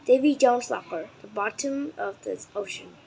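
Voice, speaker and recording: A fairly high-voiced woman from Vietnam reads a children's book aloud in English, which is not her first language. She reads slowly and with care, sometimes tripping over a word and starting it again. A faint hum sits under her voice. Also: gravelly, darkish tone, rough recording. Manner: careful and deliberate, sometimes stumbling and correcting words. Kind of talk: reading a nonfiction book aloud.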